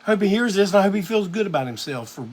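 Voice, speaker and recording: A man's voice: sits high, sing-song, quick pace, a little mellow. A man hosting a live music show, telling a rambling, profane story in a casual monologue.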